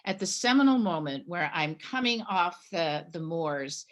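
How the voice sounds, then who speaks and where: A middle-aged woman from Canada, a guest telling a personal story in a conversation, animated and acting out the dialogue. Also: lowish voice, a little slow. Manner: animated storyteller, acts out her own past dialogue.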